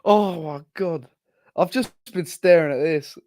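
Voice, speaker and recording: A man's voice: on the high side, a little slow, mellow, no room sound. A man, a guest on a live fan podcast, giddy and exclamatory, swearing often. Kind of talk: live casual fan chat.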